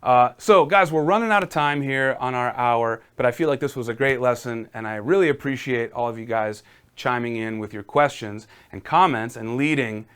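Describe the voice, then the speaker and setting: A man's voice: mid-range voice, moderate pace, fairly bright tone, clear, resonant tone. A man teaching a casual live-streamed piano lesson, encouraging and talking viewers through exercises.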